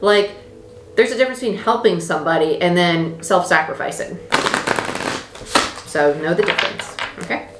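A woman's voice: lowish voice, moderate pace, pauses often, echoey room, heavy background noise. A woman giving a casual tarot reading, talking in an emphatic, repetitive, chatty way. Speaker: tarot reader.

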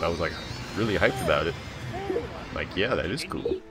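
A young man giving casual, chatty commentary while he plays a strategy game and talks to his viewers, often getting excited. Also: sits low, normal speed. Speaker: gaming streamer. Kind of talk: casual live gameplay commentary.

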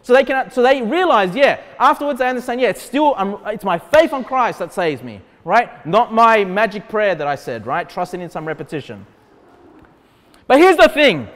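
High-voiced Australian pastor preaching. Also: male voice, sing-song, normal speed, a bit bright. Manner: conversational preaching, rising to emphatic stress. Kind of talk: sermon. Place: church hall. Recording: long hall reverb.

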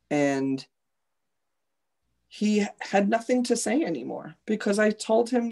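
A woman's voice: mid-range voice, lively intonation, takes it slowly, gravelly, pauses often, warm tone. A woman teacher in a live online discussion, earnestly recounting classroom stories.

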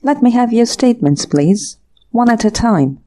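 A businesslike male police inspector giving orderly, formal requests, as a woman narrator puts him on. The voice stays mellow and warm. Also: on the high side, lively intonation, moderate pace, voice pushed up, close to an everyday voice.

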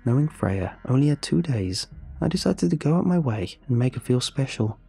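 Brief: breathy, mellow male narrator for horror audiobooks, steady and measured. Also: medium pitch, faint music behind.

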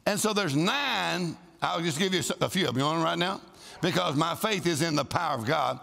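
Animated preacher with gravelly voice. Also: male voice, a little high. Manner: animated, calls for responses, shouts scripture. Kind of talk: lively sermon to a congregation. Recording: live sermon in a large hall with long reverb.

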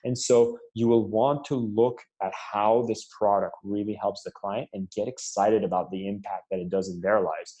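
A man with a somewhat low voice is talking in a podcast interview. He tells sales stories with eager, animated energy. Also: normal speed, few pauses. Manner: enthusiastic, animated storytelling. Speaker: sales and marketing leader, guest.

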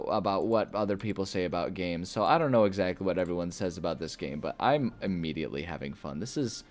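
A man casually chatting and reading game text aloud while playing a video game, rambling with lots of fillers. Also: low voice. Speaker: gaming YouTuber. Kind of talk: casual let's-play commentary.

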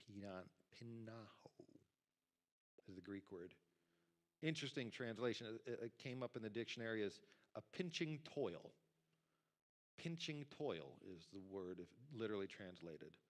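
A male pastor preaching a sermon to a church congregation in a lively, conversational way, talking directly to the people in the pews. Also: fairly low pitch. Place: church sanctuary.

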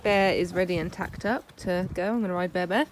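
A woman's voice: fairly low pitch, fairly even intonation, a little fast. A woman vlogging casually from horseback on a country track, chatting and praising her pony. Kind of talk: casual vlog narration. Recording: noisy outdoor phone recording.

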